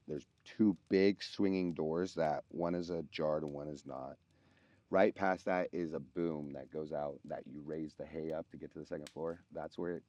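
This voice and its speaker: Very deep-voiced man telling a story. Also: mellow, no echo, lo-fi sound. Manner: halting, restarts mid-sentence while recounting. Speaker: podcast co-host telling a personal story. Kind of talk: casual storytelling chat.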